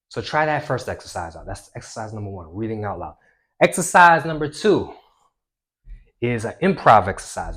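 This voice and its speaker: A man coaching viewers on social confidence, talking with energy and swinging between a loud voice and a hushed one. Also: medium pitch. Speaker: self-improvement coach. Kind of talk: instructional talk to camera.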